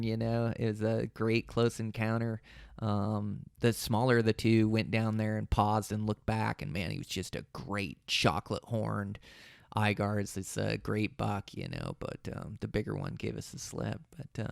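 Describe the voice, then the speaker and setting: A man hosting a solo podcast, telling a long story in a relaxed, rambling way that often restarts mid-sentence. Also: lowish voice, vocal fry, clear, resonant tone, dry recording, clean studio sound. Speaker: podcast host.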